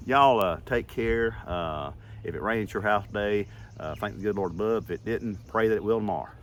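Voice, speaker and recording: Folksy man, low voice. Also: moderate pace, a little hiss or hum. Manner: folksy, rambling, heartfelt. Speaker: vlogger. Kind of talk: casual storytelling vlog.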